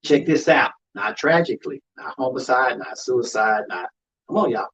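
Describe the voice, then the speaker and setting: A man's voice: mid-range voice, animated, normal speed, fairly bright tone, slightly rough, dull audio. A man who works as an undertaker and hosts a show, talking emphatically about grief in a preaching style and calling out to the audience. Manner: emphatic, calls out to the audience with "y'all".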